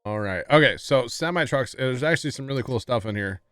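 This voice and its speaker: A man's voice: medium pitch, lively intonation, a little fast, a bit bright, clean tone, dry recording, studio quality, soft background music. A man livestreaming a farming game, chatting casually with his viewers and often apologizing with a laugh. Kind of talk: casual gameplay commentary.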